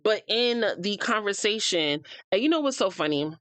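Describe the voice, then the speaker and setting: A heated American woman recapping reality TV, blunt and unfiltered, swearing as she talks straight at the people on screen. Her voice sits at a middle pitch and sounds close and dry, with no room around it. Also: lively intonation, moderate pace, a bit bright, no room sound. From United States. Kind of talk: opinionated casual recap.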